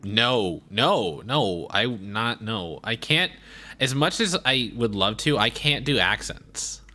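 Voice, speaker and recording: Brief: low but bright male gamer voice, animated and playful. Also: takes it slowly. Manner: questioning, playful, stammers on restarts. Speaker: player, co-host. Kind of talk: casual chat while playing a game.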